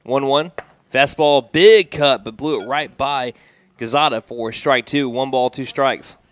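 A man working the booth for a hometown high school baseball broadcast. His voice sits in an ordinary middle range and keeps a steady, chatty pace between pitches. It jumps up sharply when a batter strikes out or gets hit. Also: a little slow. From United States. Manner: steady conversational calls, rising sharply on big plays. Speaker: play-by-play radio announcer. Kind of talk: baseball play-by-play commentary.

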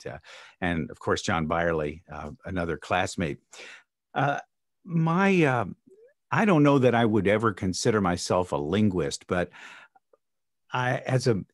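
Man, audiobook narrator, lower voice, dry close sound, hesitant, fillers. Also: no room sound. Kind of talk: casual interview talk.

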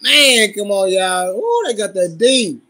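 A man livestreaming his reactions to a football game, loud and profane, cheering on and scolding his team. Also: high voice, animated, unhurried. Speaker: livestream host.

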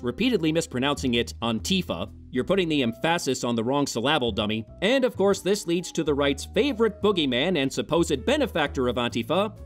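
A man giving sarcastic, exasperated scripted commentary as a film reviewer, swearing freely. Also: fairly high pitch.

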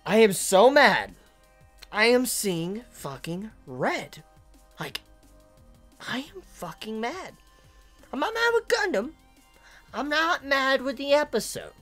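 A woman with a high voice rants about an anime to her viewers, cursing constantly. She speaks slowly and drags her words out, sliding between low muttered fury and loud outbursts. A faint bed of music plays underneath. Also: sing-song. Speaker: anime reviewer. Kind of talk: angry rant to camera.

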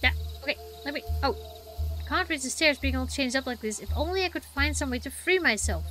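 A woman's voice: high voice, a little fast, pushed and bright, soft background music. A woman streamer reading a game's dialogue aloud with playful reactions. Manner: reads lines with playful reactions.

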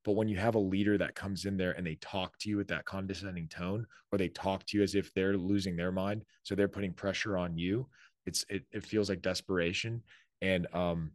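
A man's voice: low-pitched, fairly even intonation, brisk, no room sound. A man, a military leader being interviewed on a podcast, talking casually with many fillers. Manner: conversational, many fillers, acts out quoted orders. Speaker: author and army leader, podcast guest.

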